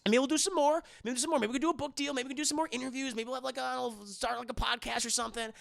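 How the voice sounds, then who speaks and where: A man's voice: very high-pitched, steady tone, racing, vocal fry, fairly bright tone, no room sound, pitched above the performer's own voice, exaggerated voice. A man voicing a pushy, self-pitying, money-hungry grown man who wheedles, repeats himself and swears. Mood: wheedling.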